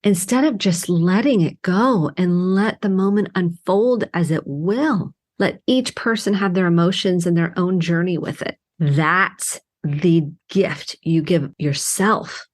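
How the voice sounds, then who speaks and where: A woman's voice: fairly low pitch, slow pace, few pauses. A middle-aged woman therapist hosting her own podcast, talking alone in an earnest, heartfelt way with emphatic bursts. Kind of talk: reflective solo podcast monologue.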